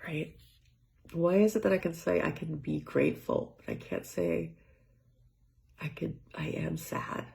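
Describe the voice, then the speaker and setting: Brief: woman vlogger, low-ish voice with heavy vocal fry, soft and halting, drifts into near-whispers. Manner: soft-spoken, often trailing into near-whispers; rambling, halting restarts, frequent light laughs. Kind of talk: reflective personal monologue. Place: home with cats.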